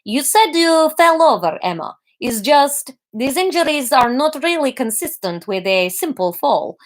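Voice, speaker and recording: A woman voicing a wary female doctor with a put-on Russian accent, questioning slowly and carefully in a read-aloud story. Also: high-pitched, big pitch swings, voice pushed up. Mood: wary concern. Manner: slow, careful, faintly annoyed questioning. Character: wary female doctor, middle-aged, probing.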